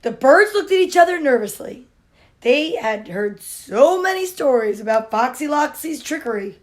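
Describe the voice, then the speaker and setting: Playful high-voiced woman reading aloud. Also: animated, moderate pace. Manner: gushing, playful asides. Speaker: comedian reading a story. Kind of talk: storybook reading with comic asides.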